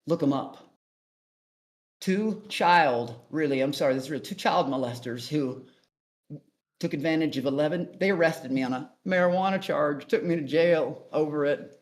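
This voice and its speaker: A man's voice: fairly high pitch, normal speed. A man telling a story as a guest on a call-in show, blunt and profane, rambling through his account. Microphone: online voice chat.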